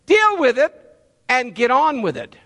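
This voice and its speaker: A preacher putting on God, stern and commanding. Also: male voice, very high-pitched, wildly swooping pitch, unhurried, a bit bright, voice pushed up, heavily acted. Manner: blunt commanding. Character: God, stern male deity, firm and commanding.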